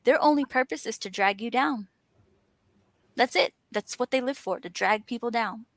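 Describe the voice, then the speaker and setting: Woman with a high voice, earnest and encouraging, dry close sound. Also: moderate pace, dry recording. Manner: earnest, encouraging, emphatic lists. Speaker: author and panel host. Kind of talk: motivational casual chat.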